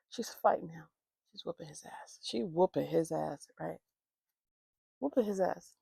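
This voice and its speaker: A woman's voice: low voice, measured pace, vocal fry, pauses often, dark tone, slightly rough, no echo. A woman vlogger telling a rambling, profane storytime while doing her makeup, acting out the people in it. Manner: rambling, profane, acts out quoted voices. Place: at home, morning makeup routine.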